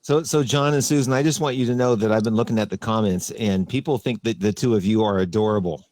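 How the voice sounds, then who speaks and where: A man hosting a casual video call chat, speaking in a relaxed, hesitant way. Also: on the low side, fast talker, no room sound. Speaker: host.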